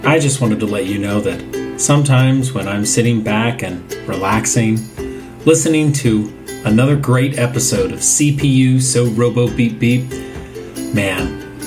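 A man's voice: mid-range voice, measured pace, over music. Laid-back man leaving a comedy message. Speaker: regular guest of the show.

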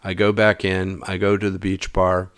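A man's voice: deep voice, moderate pace, clean tone, dry recording, clean studio sound. A man telling a personal story in a casual way, acting out the dialogue and dropping to a mutter at times. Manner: animated, acts out dialogue, drops to mutters.

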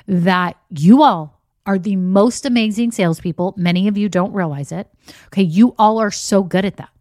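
A woman's voice: mid-range voice, darkish tone, no echo, studio quality. A woman hosting a casual solo podcast as a business coach, chatty and encouraging. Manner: chatty, encouraging, says "y'all" and "okay?" often.

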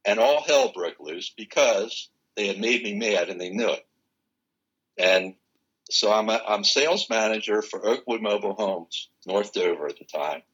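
Older male guest with a low, husky, forceful voice; an animated storyteller who acts out the dialogue. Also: poor audio. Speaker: interview guest. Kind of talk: personal storytelling in conversation.

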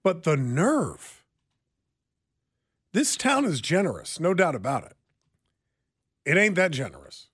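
Guy hosting a radio call-in show, kinda high voice, dry sarcastic delivery. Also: huge pitch swings, moderate pace, pauses often, fairly bright tone, husky, dry recording. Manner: wry, conversational, blunt. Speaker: radio talk show host. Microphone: studio microphone.

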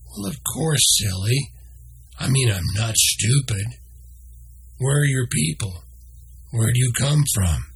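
A man voicing a talkative, proud male camel who speaks in a slow, friendly way. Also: medium pitch, expressive, creaky, breathy edge, full character voice.

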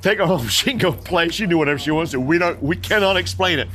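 An older man, a guest in an interview, telling stories in an animated way, often laughing and acting out the people in them. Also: a little high, fast, a little hiss or hum. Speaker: mall Santa guest. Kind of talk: storytelling in an interview.

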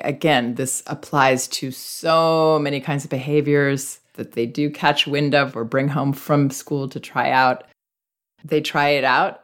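A middle-aged woman hosting a parenting advice show, answering a listener's letter in a calm, gentle, reflective way. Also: low-pitched.

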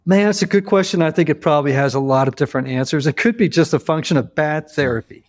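A man in his fifties hosting a podcast interview, telling stories earnestly with lively emphasis. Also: fairly high pitch, quick pace. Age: 50s. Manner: earnest, storytelling, animated emphasis. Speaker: podcast host. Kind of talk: casual interview chat.

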